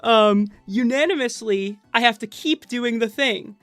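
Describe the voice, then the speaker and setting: A woman's voice: on the high side, fairly quick, few pauses, a bit bright, dry recording. A nervous woman streamer chatting casually to her viewers at her computer mic, rambling and joking at her own expense. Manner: rambling, playful and self-mocking, with many fillers and restarts. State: nervous, with stage fright. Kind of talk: casual live-stream chat. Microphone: desk microphone at a computer. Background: faint game music.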